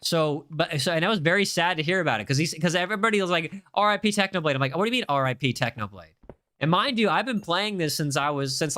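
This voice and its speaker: A man's voice: fairly high pitch, sharp tone, no echo. A young man live-streaming a game, chatting casually and reading viewer comments aloud with a jokey, rambling manner. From United States. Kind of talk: casual live-stream chat while gaming.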